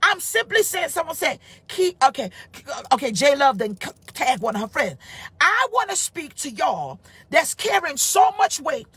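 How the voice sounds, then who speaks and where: A middle-aged woman pastor preaching a live-streamed sermon, emphatic and informal, rising to shouts and reading out comments from viewers. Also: high voice, big pitch swings, normal speed, no room sound.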